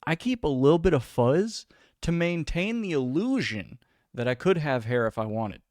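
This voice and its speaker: Young dude chatting on stream, rambly and self-deprecating, says like a lot, dry sound with no room. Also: male voice, fairly high pitch, animated, moderate pace, a little mellow, no room sound. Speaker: livestream host. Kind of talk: casual chat.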